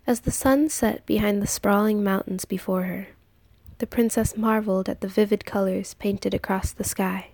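A woman narrating a story in a soft, hushed, partly whispered reading. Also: medium pitch, fairly even intonation, moderate pace, no echo.

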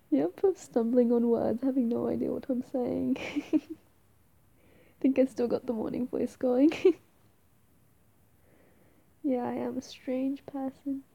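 A woman's voice: on the high side, gravelly, dark tone, dry recording, lo-fi sound. A young woman playing an affectionate, playful girlfriend in an audio role-play, giggling, teasing and stumbling over her words.

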